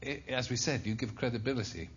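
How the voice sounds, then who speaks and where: A man's voice: medium pitch, fast talker, fairly bright tone. A man hosting a talk show, introducing a guest and asking wry, teasing questions. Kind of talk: chat show interviewing. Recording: dull lo-fi TV recording with faint hiss.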